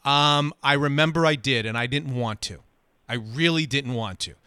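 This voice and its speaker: Guy on sports radio telling a story, bright tense voice, dry sound. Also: mid-range voice, smooth, no room sound. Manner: animated, quick anecdote telling. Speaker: radio host.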